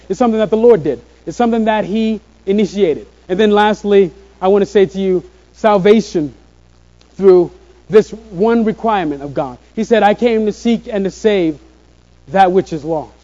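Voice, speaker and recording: A man with a high, mellow voice preaches earnestly to a room of listeners, drawing out the phrases he wants to land. The recording sounds dull and lo-fi. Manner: earnest, slows on key phrases. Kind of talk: sermon. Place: room with a congregation.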